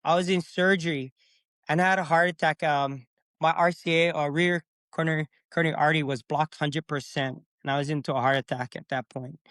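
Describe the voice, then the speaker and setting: A fairly high-pitched middle-aged man, a podcast guest, relates a personal story a little fast, voicing what he said at the time. His casual telling is animated, and there is no room sound.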